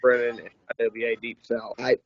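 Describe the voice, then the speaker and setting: A man's voice: mid-range voice, little pitch movement, fairly quick, slight background noise. A man, a wrestler guest, talking candidly and emotionally in a casual interview. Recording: muffled lo-fi recording.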